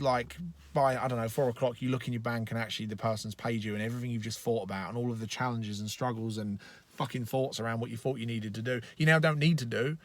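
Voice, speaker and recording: A male coach talking straight to the camera from inside a car, in a loose, conversational way that swears freely and sounds blunt. His voice sits at an ordinary middle pitch. The sound is close and dry, with hardly any room around it. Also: dry recording. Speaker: life coach. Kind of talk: casual motivational training talk.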